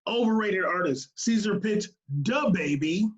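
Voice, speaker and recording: A man co-hosting a music podcast in casual chat, laughing often and running down lists quickly. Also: high-pitched, lively intonation, dull audio. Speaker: podcast co-host.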